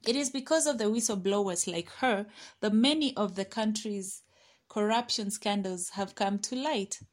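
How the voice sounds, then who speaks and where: Hesitant woman reading a case study. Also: mid-range voice. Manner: reads with hesitant fillers and restarts, quotes others aloud. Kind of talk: reading a prepared talk.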